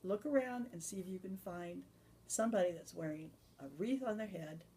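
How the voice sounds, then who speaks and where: A woman's voice: fairly low pitch, normal speed, dark tone, a little hiss or hum. A woman telling an improvised story to children, loose and chatty with restarts.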